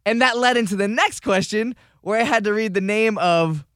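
A man telling a self-mocking story in animated, casual chat on a radio show. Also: high voice, normal speed, clean tone, no echo, studio quality. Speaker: radio show regular, trivia host. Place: radio studio.

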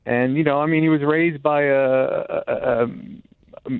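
A male caller on a tinny phone line, rambling through a long story with lots of restarts, at a middle pitch and with a dry sound. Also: fairly even intonation, measured pace, gravelly, clean tone, dry recording. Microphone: telephone.

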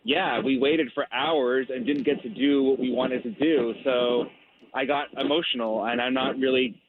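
A man's voice: medium pitch, fairly even intonation, a crowd in the background. Aggrieved man on a tinny phone line. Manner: aggrieved, halting, repeats himself. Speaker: caller on the phone. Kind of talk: phone call on a radio show.

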